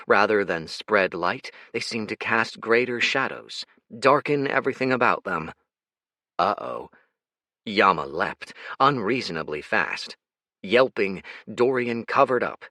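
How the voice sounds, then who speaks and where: A man narrates an action audiobook in a lowish voice that swings widely in pitch. His tone is bright and forward, and the studio sound is dry and close. His reading is dramatic and animated throughout. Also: no room sound.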